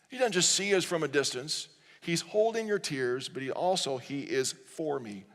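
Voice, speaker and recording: A man's voice: on the high side, lively intonation, moderate pace, a bit bright. Earnest man preaching in a reverberant hall. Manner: earnest preaching, reading scripture aloud with the congregation. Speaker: pastor. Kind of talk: sermon. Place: large church sanctuary.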